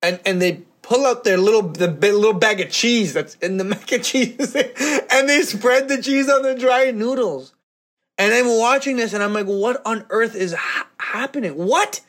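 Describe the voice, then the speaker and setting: A man telling a personal story to an audience, animated and acting out the voices of people in it. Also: very high-pitched, moderate pace. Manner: animated, acts out voices in quotes, laughs often.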